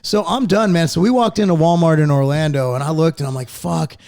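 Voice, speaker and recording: Speaking fast and on the high side, a fortysomething male podcast host launches into a casual, animated rant. Swearing runs through nearly every line.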